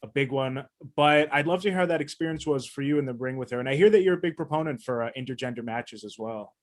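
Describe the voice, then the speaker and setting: A man's voice: mid-range voice, quick pace. A man hosting an interview, asking questions and affirming his guests. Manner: friendly, affirming, laughs along. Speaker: interviewer host.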